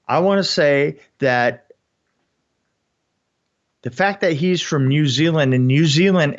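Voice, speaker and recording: A man co-hosting a podcast, speaking haltingly with many fillers as he reviews a film. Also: fairly high pitch. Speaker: podcast co-host. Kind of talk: casual film review chat. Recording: dull lo-fi audio.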